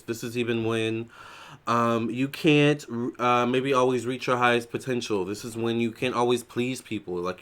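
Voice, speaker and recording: A man giving a casual psychic tarot reading in a chatty, loose way, with many fillers and restarts. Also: mid-range voice. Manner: prays softly. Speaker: tarot reader.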